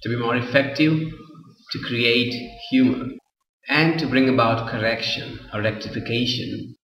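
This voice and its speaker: Man lecturing in an echoey hall. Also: medium pitch. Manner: repeats words, restarts, explains slowly. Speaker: English teacher. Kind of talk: classroom lecture. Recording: roomy echo, far from the mic, dull lo-fi sound.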